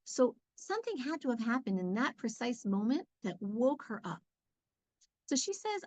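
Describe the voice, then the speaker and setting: A woman giving a conversational Bible lesson, speaking in a chatty, lively way with lots of fillers. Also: a little high, moderate pace, no echo, poor audio. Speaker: Torah teacher.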